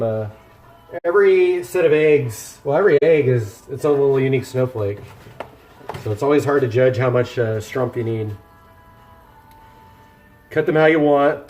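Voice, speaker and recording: A man's voice: mid-range voice, darkish tone. A man live-streaming himself cooking, chatting casually and joking at his own expense as he works. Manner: chatty and self-deprecating, talking to chat while working. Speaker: livestreamer cooking meal prep. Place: home kitchen.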